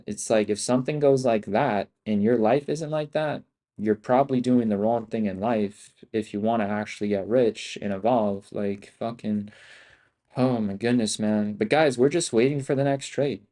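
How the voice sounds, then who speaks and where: A man's voice: fairly low pitch, normal speed, mellow. A man hosting a livestream as an options trader, talking in a hyped, profane, slangy way and repeating himself a lot. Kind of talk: casual livestream talk.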